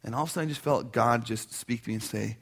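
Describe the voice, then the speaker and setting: A man preaching a sermon as a pastor, telling a personal story in an animated way and acting out the voices he quotes. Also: mid-range voice, quick pace, creaky, slightly rough.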